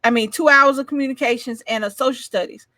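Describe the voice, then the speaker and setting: A woman's voice: high voice, steady tone, quick pace, bright, forceful tone, no echo, studio quality. A woman from Alabama co-hosting a casual chat, joking and bantering animatedly. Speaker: co-host.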